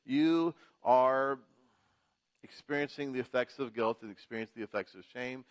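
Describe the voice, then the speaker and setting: Man, pastor, sermon, rhythmic repetition, rising emphasis, mid-pitched voice. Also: normal speed. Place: church.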